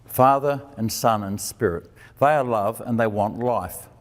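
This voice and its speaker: In a lower voice at a measured pace, a man who is a preacher and teacher gives a conversational sermon. He answers his own questions and acts out quoted dialogue with shifts in his voice, all in a hall with long reverb.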